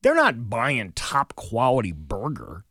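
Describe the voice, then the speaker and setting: A man's voice: medium pitch, huge pitch swings, bright, forceful tone, husky, dry recording, clean studio sound. A man co-hosting a morning radio show, chatting casually and rambling. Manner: rambling, quick to put on silly voices. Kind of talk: casual chat.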